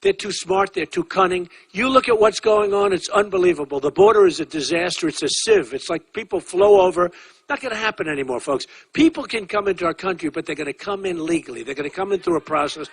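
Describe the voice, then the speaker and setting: A man's voice: sits high, expressive, fast, husky. A man in his sixties giving a campaign rally speech, talking in a repetitive, boastful, conversational way with asides to the crowd. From United States. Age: 60s. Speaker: political candidate speaking at a rally.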